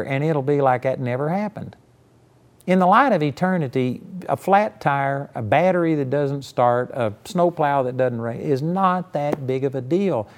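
A man's voice: fairly high pitch, a little mellow. A man preaching a conversational sermon, folksy and emphatic, telling personal stories to make his point. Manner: folksy, storytelling, emphatic, frequent "you know".

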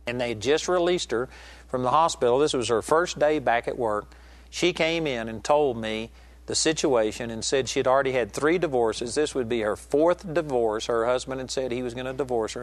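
A middle-aged man preaching a sermon with passion, climbing high to stress a point and slowing for weight, acting out the voices in a story he tells. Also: dry recording. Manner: impassioned, rises sharply in pitch for emphasis, slows to stress lines; acts out quoted voices in retelling a story.

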